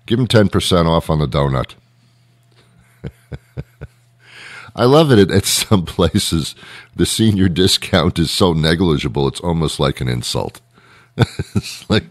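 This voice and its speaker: Deep-voiced sarcastic male host. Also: animated, a little slow, long pauses, no echo, clean studio sound. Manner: rambling, sarcastic, acts out little scenes; laughs often. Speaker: radio show host. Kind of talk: comedic monologue.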